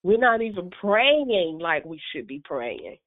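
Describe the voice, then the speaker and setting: A woman's voice: on the low side, big pitch swings, unhurried. Woman on a tinny phone-like line. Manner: earnest, preacherly, quotes scripture. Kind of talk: casual faith discussion.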